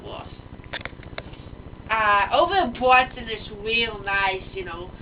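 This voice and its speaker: A woman's voice: mid-range voice, animated, takes it slowly, far from the mic. A woman playing a brash, rambling middle-aged East Coast mom in an improvised home comedy skit, boasting and mixing up places. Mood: boastful. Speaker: talk show guest. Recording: muffled, hissy home camera audio, off-mic.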